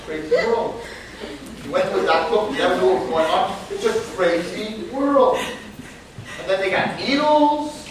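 A man's voice: high-pitched, very animated, fairly quick, a bit bright. A man telling a story as a religious lesson, acting out the characters' voices and laughing as he talks. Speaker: religious teacher. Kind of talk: storytelling sermon. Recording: echoey room, distant mic, noisy.

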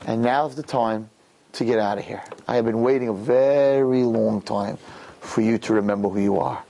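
A man doing a low, steady old servant. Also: moderate pace, vocal fry, close to an everyday voice, poor audio. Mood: urgent. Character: wise old male servant, calm and steady.

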